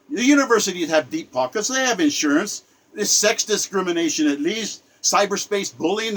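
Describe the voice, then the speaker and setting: Older man, solo monologue; indignant, repetitive, stammering restarts; voice on the higher side. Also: a bit bright, rough recording. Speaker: self-styled poet giving a spoken commentary. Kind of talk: impassioned spoken rant.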